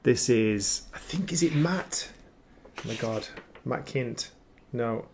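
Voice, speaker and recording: A man's voice: medium pitch, takes it slowly, gravelly, a little mellow, slight background noise. Chatty enthusiastic man on a livestream. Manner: chatty, enthusiastic, rambling asides. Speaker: comic book livestream host. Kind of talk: casual chat. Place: home livestream setup with ring light.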